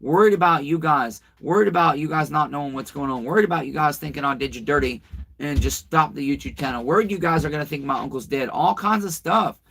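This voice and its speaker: Quick and creaky, the host's slightly high voice has a husky quality and a fairly bright tone. During his casual livestream he reads comments, tells a rambling story full of swearing, and chats directly with viewers.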